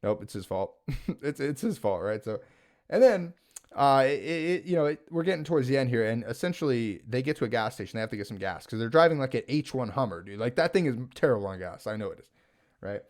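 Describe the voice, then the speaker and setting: A man talking at home, recapping and reviewing a TV series in an animated, rambling way, full of "like" and "right?". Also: medium pitch, quick pace. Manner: animated, rambling, filler-heavy with frequent "like" and "right?". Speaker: gaming video creator reviewing a TV series. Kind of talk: casual spoken recap and review.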